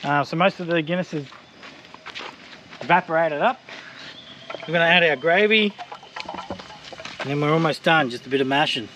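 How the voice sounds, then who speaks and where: A man's voice: on the high side, moderate pace, long pauses, sharp tone, a little hiss or hum. An Australian man chatting casually as he cooks for his vlog, loose and joking, with plenty of fillers. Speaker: vlogger cooking on camera. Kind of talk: casual cooking vlog chat.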